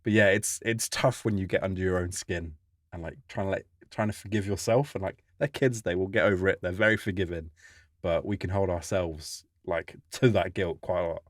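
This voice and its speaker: A man's voice: sits low, steady tone, fairly quick, no echo, clean studio sound. A man co-hosting a parenting podcast, speaking candidly and thoughtfully about being a father. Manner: candid, reflective. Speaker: podcast co-host. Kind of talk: casual chat.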